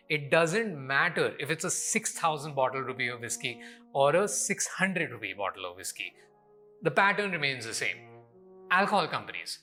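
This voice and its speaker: A young man with an Indian accent rants through a comedy commentary, sarcastic and exasperated. His voice is bright and lively, leaping up and down in pitch, with faint music underneath. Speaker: comedian and show host. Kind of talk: scripted comedy commentary rant.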